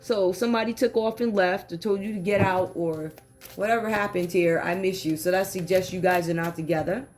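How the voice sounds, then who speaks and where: A woman giving a casual tarot reading, talking in lively slang and acting out what the cards seem to say. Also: lowish voice, fairly quick, slight background noise. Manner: animated, slangy, acts out quoted voices. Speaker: tarot reader.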